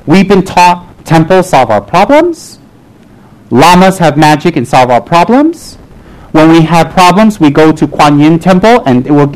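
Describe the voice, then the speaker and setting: A man with a fairly high voice gives a humorous dharma talk as a Buddhist teacher. He teases his listeners with rhetorical questions. He slows and lowers his voice when he presses a point. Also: rough recording. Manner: wry, teasing, with rhetorical questions.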